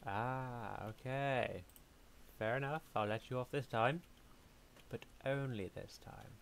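A man's voice: medium pitch, takes it slowly, gravelly, slight background noise. A young man giving casual let's-play commentary, chatty, talking to himself and humming as he plays. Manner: chatty, talks to himself, hums and mutters while playing. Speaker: gaming YouTuber.

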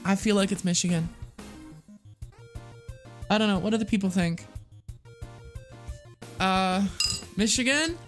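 An excitable streamer chatting through a game, quick to laugh and swear. Faint music plays under the voice. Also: medium pitch. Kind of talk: live game streaming chat.

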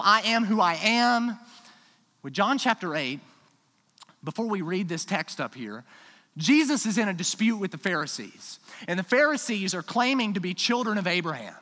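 Male pastor, high lively voice, long church reverb, emphatic sermon delivery. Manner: emphatic, swings from quiet asides to loud declarations. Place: church sanctuary.

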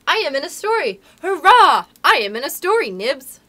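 A woman reading aloud and voicing an eager, excitable little lost boy. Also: mid-range voice, brisk, close to an everyday voice. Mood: excited. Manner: excited, squealing.

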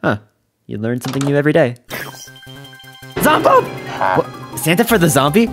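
A man voicing his own cartoon character in excitable, quick reactions, full of surprised outbursts, over background music. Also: on the high side. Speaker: host and animator of a game cartoon. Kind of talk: animated cartoon voice acting.

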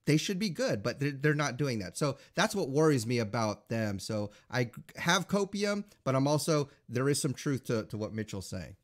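A man's voice: medium pitch, big pitch swings, normal speed, hardly any pauses. A man co-hosting a podcast in casual chat, rambling with lots of filler words. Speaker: podcast co-host.

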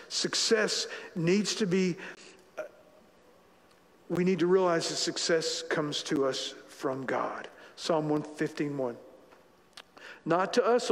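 A man pastor delivering a sermon in a fairly high voice, casual in tone and fond of repeating lines to drive a point home. His voice rings through a long, reverberant church hall. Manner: conversational, repeats phrases for emphasis. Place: church sanctuary.

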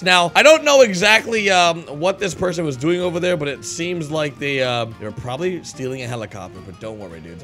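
A man's voice: a little high, bright, forceful tone. A man hosting a gaming video, chatting to viewers as dudes and playing a medic in roleplay. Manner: chatty, addresses viewers as dudes, many fillers. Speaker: gaming channel host and roleplay player. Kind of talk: game commentary and in-character roleplay. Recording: background music.

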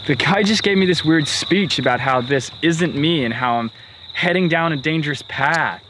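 A man's voice: a little high, moderate pace, fairly bright tone. A nervous, hesitant young man playing a friend in a comedy sketch. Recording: outdoor take with cricket noise.

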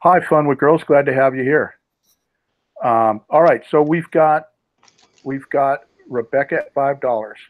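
A man's voice: medium pitch, a little slow, no room sound. A man hosting a live online auction, calling bids and greeting chat viewers by name. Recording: tinny phone-like sound, dry.

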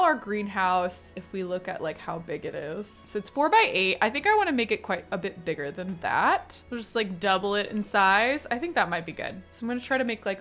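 A woman's voice: medium pitch, a bit bright. A woman hosting a video, giving casual, chatty commentary on a life-sim game with playful asides and frequent giggles. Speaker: gaming video host.

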